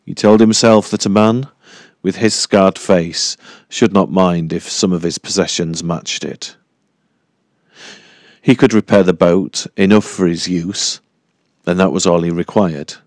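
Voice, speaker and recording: A man reading a horror audiobook in a measured, deliberate storytelling manner. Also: low-pitched, a little mellow, no room sound, clean studio sound. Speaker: audiobook narrator. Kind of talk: scripted horror narration.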